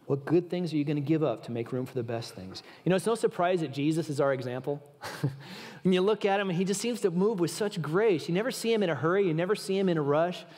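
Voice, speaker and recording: Male preacher, slightly high voice, earnest and informal, church hall with long reverb. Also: quick pace, darkish tone. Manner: earnest, informal, addresses the audience directly. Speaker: guest preacher. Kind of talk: conversational sermon. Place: large church auditorium.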